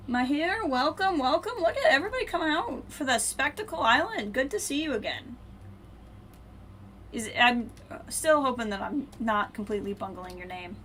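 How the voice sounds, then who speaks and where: A woman streaming a video game, thinking aloud and muttering to herself, then brightly greeting her viewers. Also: high-pitched, expressive, normal speed, a little hiss or hum. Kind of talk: casual live-stream chat while playing.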